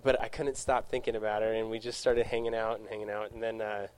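On the low side and a little mellow, this man's voice stays at a level tone. A youth speaker in a casual Q&A with young adults, he rambles through his personal story, frequently correcting himself and dropping in quick asides.

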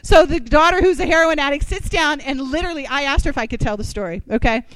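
A woman giving a personal testimony talk to a church community. She tells her story with lively asides and rhetorical questions. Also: high-pitched, quick pace, rough recording.

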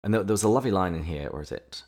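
A man co-hosting a casual podcast, summarizing chapters and reflecting on them in a relaxed, thoughtful way. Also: sits low, rapid-fire. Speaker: podcast co-host. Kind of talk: casual book-discussion podcast.

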